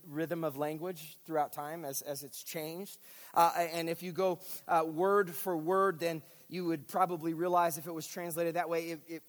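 A man's voice: high voice, long reverb tail. A man, a pastor, giving a teaching sermon and explaining step by step while checking in with his listeners. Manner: explanatory, speaks directly to listeners with frequent checks.

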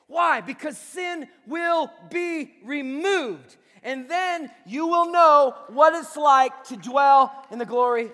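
A man's voice: extremely high pitch, a bit bright. A man preaching a sermon as a pastor, speaking with impassioned emphasis. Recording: long reverb of a large hall.

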